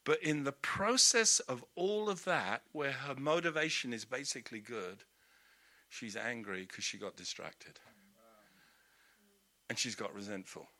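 A male preacher giving a lively storytelling sermon with humorous asides. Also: medium pitch, unhurried. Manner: animated, storytelling, laughing asides.

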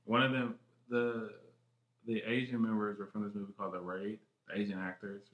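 A man co-hosting a podcast, chatting excitedly with lots of swearing, jumping from one thought to the next. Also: fairly low pitch, brisk, dull audio. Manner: excitable, heavy swearing, jumps between thoughts. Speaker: podcast co-host. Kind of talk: casual chat. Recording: roomy echo.

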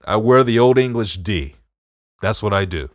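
A man's voice: lowish voice, animated, moderate pace, no room sound, studio quality. A man with a Detroit accent co-hosting a podcast, talking candidly and poking fun at himself, often repeating his points. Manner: candid, self-mocking, given to repeating himself. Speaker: podcast co-host. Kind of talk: casual podcast chat.

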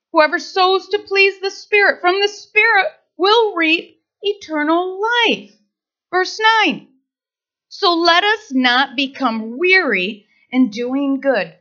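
A woman preaching a sermon to women, lively and playful, acting out little scenes. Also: high voice. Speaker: women's ministry speaker. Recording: dull lo-fi recording.

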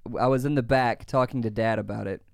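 A man co-hosting a relaxed podcast, laughing easily and tripping over his own words as he goes. His voice sits at a middling pitch and sounds dry and close, with no room around it. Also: fast talker, creaky, no echo. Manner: laughs often, stammers and repeats words. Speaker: podcast co-host. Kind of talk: casual chat.

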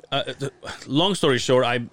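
A man's voice: mid-range voice, measured pace. A man hosting a podcast, telling stories in casual chat with lots of swearing and acted-out voices. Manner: animated storyteller acting out quoted voices, swears freely. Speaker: podcast host.

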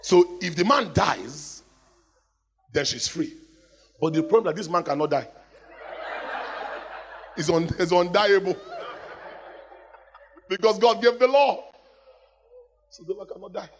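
A man preaching a lively sermon in a church hall, calling out to the congregation for responses. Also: a little high. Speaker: pastor. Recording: long hall reverb.

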